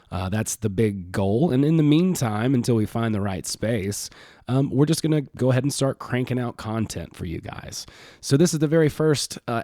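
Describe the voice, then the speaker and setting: A man's voice: medium pitch, dark tone, no echo, studio quality. A man hosting a comedy podcast, chatting casually and self-correcting often. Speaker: podcast host.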